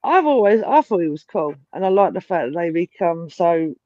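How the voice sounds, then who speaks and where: A woman's voice: on the low side, sing-song, normal speed, no echo, highs cut off. A woman co-hosting a casual podcast, blunt and emphatic, swearing often. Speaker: podcast co-host. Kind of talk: casual chat.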